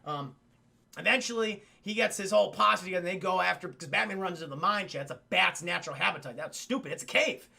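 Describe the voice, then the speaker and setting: A young man casually recapping a cartoon episode for his live chat, excitable and swearing, acting out the characters. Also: sits high, fast, creaky. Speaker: streamer reviewing a cartoon episode.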